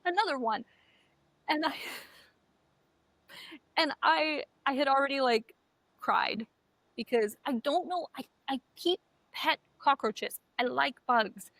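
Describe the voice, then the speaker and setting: A woman co-hosting a podcast, telling animated stories in casual chat and swearing often. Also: sits high, slow pace, long pauses, no room sound. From Canada. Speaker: podcast co-host.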